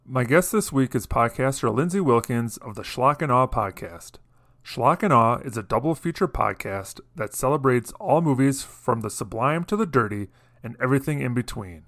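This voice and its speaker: A man hosts a podcast, reading his introduction and then chatting casually with his guest. He sounds friendly and a little halting, with a mid-range voice for a man. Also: mid-range voice, expressive, fairly bright tone. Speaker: podcast host. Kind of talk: casual interview chat.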